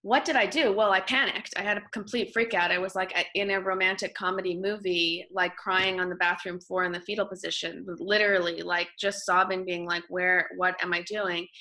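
Bright-voiced woman guest telling her story. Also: mid-range voice. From Canada. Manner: animated storytelling, quick restarts. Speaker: podcast guest, author. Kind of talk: casual interview talk.

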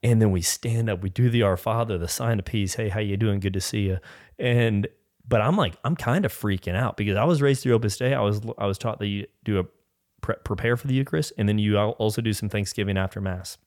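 A man's voice: on the low side, fast, a little mellow, no echo, studio quality. A man sharing a personal faith testimony as a podcast guest, rambling, with frequent restarts and filler words.

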